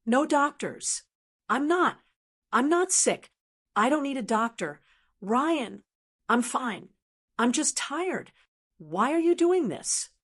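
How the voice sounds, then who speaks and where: A woman's voice: a little high, expressive, slow pace, pauses often, breathy edge, full character voice. A woman reading the lines of an older wealthy man who fakes senile panic, pleading and broken. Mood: panicked wailing.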